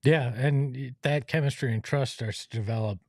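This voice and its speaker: A man's voice: medium pitch, normal speed, darkish tone, dry recording, studio quality. A man on a casual sports talk panel, easygoing and jokey.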